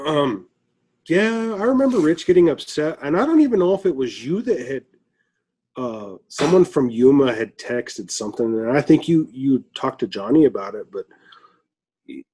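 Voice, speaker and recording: A middle-aged man from Flagstaff talking in a loose, rambling way, full of "you know" and "and stuff." His voice is husky and a little breathy. He chuckles now and then as he chats. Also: medium pitch, big pitch swings, moderate pace, a little mellow. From Flagstaff, Arizona. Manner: rambling, filler-heavy, chuckles often. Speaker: listener guest. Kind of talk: casual chat.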